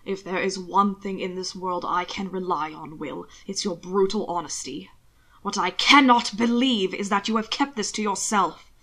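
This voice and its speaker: A woman voicing an anguished, commanding aristocratic husband in an audiobook reading of fan fiction, speaking low and intense and sometimes dropping to a hiss. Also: normal speed, bright, forceful tone. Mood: alarmed anger.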